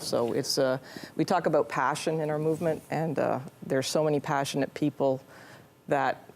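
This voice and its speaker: Low-voiced earnest woman executive. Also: steady tone, moderate pace, gravelly, darkish tone, slight background noise. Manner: earnest, many restarts and fillers. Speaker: nonprofit CEO, guest. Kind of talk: interview answers.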